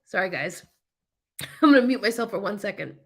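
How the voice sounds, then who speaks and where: Coughing, with watering eyes, a woman runs a casual reseller livestream where she reads out viewer comments, laughing frequently and filling gaps with "um." Her voice is mid-range, fairly bright, animated and fairly quick.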